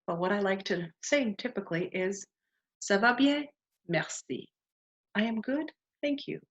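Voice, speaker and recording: A woman's voice: mid-range voice, animated, a little slow. A woman teaching beginners, her voice rising and falling a lot as she models each phrase. She is patient and keeps asking the listener to repeat. The sound is dull and lo-fi. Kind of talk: beginner language lesson.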